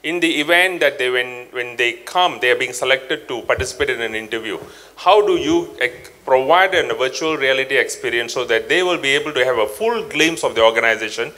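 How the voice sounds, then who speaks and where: A man in a workshop giving an impromptu pitch for his team, working through his points with frequent fillers. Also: a little fast, sharp tone. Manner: hesitant, many fillers and restarts while explaining. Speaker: workshop participant pitching an idea.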